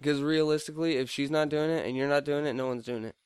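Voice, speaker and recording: A man's voice: fairly high pitch, steady tone, fast, smooth, dry recording. A young man co-hosting a casual movie review podcast, blunt and joking with constant swearing. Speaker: podcast co-host.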